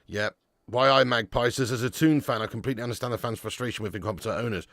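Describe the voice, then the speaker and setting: A man's voice: medium pitch, fast talker, gravelly, dry recording, studio quality. A man hosting a live football watch-along, bantering with his chat and flaring into mock outrage at players. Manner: banter-heavy, shouts in mock outrage, reads out super chats. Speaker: football fan channel host.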